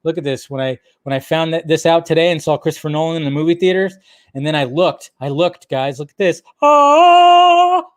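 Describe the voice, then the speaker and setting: A man hosting a live stream, ranting in an excitable way. He swears often and laughs at himself. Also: fairly high pitch, quick pace.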